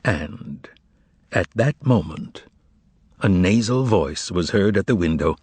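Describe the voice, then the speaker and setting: A man reading a novel aloud as an audiobook narrator, with expressive, measured storytelling. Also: deep voice, breathy edge, no room sound. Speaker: audiobook reader.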